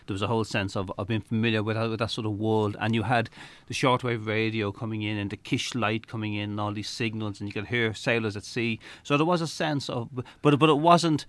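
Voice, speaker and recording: A man's voice: fairly low pitch, fairly even intonation, a little fast, hardly any pauses, a bit bright, no room sound. A man with an Irish accent talking reflectively about his writing as an interview guest, often repeating words as he starts a thought. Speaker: novelist guest.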